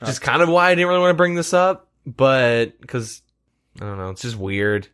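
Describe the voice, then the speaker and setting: A man's voice: medium pitch, steady tone, moderate pace, a bit bright, smooth. A man hosting a podcast in casual chat, rambling with lots of fillers and casual swearing. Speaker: podcast host.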